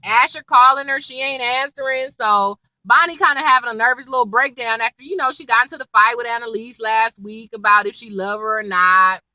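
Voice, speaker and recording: A woman's voice: a little high, fairly quick, hardly any pauses, dry recording, low-quality recording. A woman, chatting casually as she recaps a TV episode, acting out lines as she goes. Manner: chatty, animated retelling with quoted lines and laughs. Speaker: TV recap vlogger.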